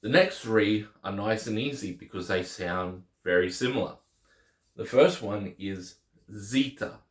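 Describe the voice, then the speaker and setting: Male language teacher, low voice, unhurried, patient, echoey room. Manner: patient, repeats each letter name slowly. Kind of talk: casual instructional lesson.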